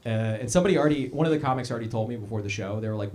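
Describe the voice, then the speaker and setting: Animated young man doing stand-up. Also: lowish voice, very fast, noisy background. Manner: animated, puts on voices for quoted people. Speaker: comedy show host. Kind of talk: live stand-up comedy set. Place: comedy club stage.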